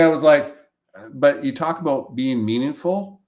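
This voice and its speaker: A man's voice: a little high, normal speed, a little mellow. A male chiropractor telling heartfelt patient stories in casual talk on a video call, emotional and repetitive, acting out quoted voices. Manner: emotional, repeats himself, acts out quoted voices. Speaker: chiropractor and practice coach. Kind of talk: casual storytelling on a live webcast.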